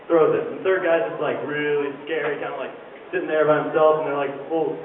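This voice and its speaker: A man's voice: fairly high pitch, fairly even intonation, fast. A man telling a goofy, rambling joke on stage at a live show, with many fillers. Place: live show venue, indoors. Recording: tinny, echoey live venue from far off, with background noise.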